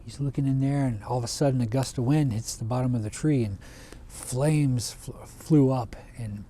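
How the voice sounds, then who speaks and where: A man's voice: mid-range voice, normal speed, slight background noise. Man telling a folk tale casually. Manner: relaxed, conversational, with frequent restarts. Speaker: storyteller. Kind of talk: casual oral storytelling.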